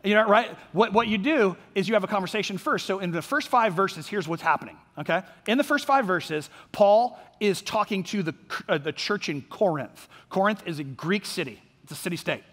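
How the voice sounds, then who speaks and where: High-voiced pastor in a reverberant church. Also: male voice, expressive, a little fast, hardly any pauses, a bit bright. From Orlando, Florida, USA. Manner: conversational, with frequent fillers and "right?" check-ins. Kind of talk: sermon. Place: church sanctuary.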